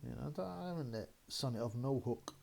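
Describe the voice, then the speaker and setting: A man's voice: mid-range voice, lively intonation, brisk, vocal fry, a little mellow. A man hosting a boxing channel, rambling casually and laughing as he talks. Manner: rambling, laughing, mocking impressions of critics. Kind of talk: casual solo commentary.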